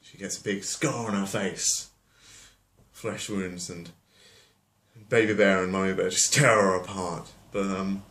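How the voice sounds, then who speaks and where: A man's voice: sits low, little pitch movement, a little slow, a bit bright. A man telling a fairy tale as a comedy, rambling with offhand asides. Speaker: storyteller. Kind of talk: comic storytelling. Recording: roomy echo.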